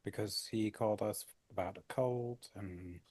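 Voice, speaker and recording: A man with a German accent chatting casually after a tabletop game, quick and self-mocking. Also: on the low side, darkish tone, dry recording, studio quality. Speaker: player.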